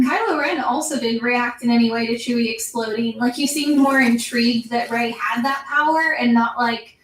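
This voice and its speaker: A high-voiced woman talks through a film critique in a wry, sarcastic way and laughs at her own jokes. She sits back from the mic in a roomy space, so her voice echoes. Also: steady tone, moderate pace, hardly any pauses. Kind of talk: casual film critique commentary. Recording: roomy sound from a distance.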